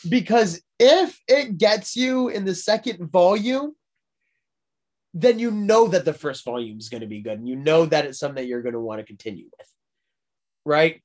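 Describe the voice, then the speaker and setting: A man's voice: on the high side, animated, moderate pace, a little mellow. A young man in casual podcast chat, rambling through a story with many fillers and frequent laughs.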